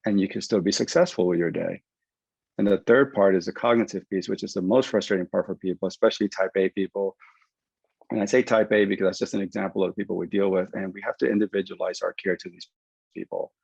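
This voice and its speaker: Gravelly low-voiced man explaining rehab. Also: fast, dry recording. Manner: animated, explanatory, acts out patient quotes. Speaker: concussion rehab clinician. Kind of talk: webinar presentation. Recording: dull lo-fi dry webinar audio.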